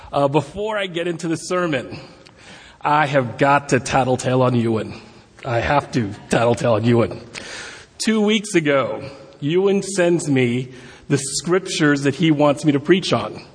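A man giving a guest sermon at a church service, talking in a chatty, self-deprecating way with many fillers. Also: medium pitch. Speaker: guest preacher. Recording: long hall reverb.

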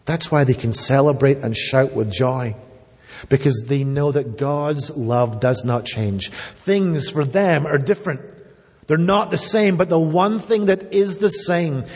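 A man's voice: a little high, unhurried, a little mellow, slightly rough. A man preaching a sermon, earnest and emphatic, turning at times to speak directly to the children. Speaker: pastor. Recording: long reverb of a church hall.

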